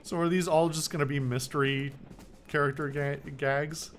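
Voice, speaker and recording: A man's voice: a little high, steady tone, normal speed, slight background noise. A man hosting a video game playthrough, reading the game text aloud with playful commentary in a wry, joking, rambling way. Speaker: let's play host.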